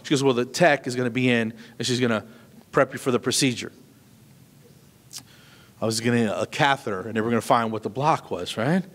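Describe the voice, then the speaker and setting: A middle-aged man doing stand-up comedy, telling a long personal story in an animated way and jumping to high voices for punchlines. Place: stage in a large hall. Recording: long hall reverb.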